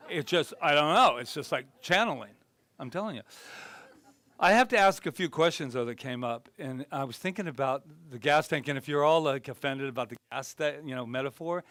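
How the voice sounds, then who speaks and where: A male minister preaching in a loose, conversational way to his congregation, with a voice a touch higher than most men's. He jokes at his own expense, then eases into quiet, thoughtful passages. The sound is close and dry, with no room ring. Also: no echo. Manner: animated and chatty, then drops soft and reflective; self-deprecating humor. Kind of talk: conversational sermon. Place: spiritual center gathering.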